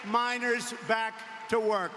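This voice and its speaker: A man's voice: very high-pitched, flat delivery, takes it slowly, noisy background. A man giving a political rally speech in a large arena, emphatic, repetitive and digressive. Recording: reverberant arena hall.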